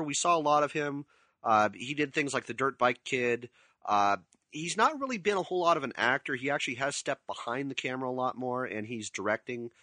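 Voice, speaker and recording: Middle-aged male co-host, lively storyteller, bright voice, dry sound. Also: mid-range voice, dry recording. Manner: animated storyteller, acts out quotes; laughs often. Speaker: podcast co-host discussing a film. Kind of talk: casual chat.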